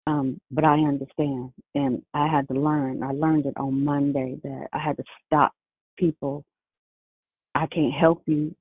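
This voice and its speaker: A woman calling in who shares openly, in a halting and emotional way, with a husky voice. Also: sits low, little pitch movement. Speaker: caller. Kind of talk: personal sharing on a call. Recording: tinny phone line, dry.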